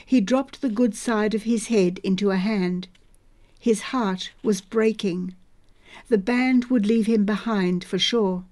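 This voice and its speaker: Slow mellow female reader narrating a novel, measured and even. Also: mid-range voice. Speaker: audiobook narrator.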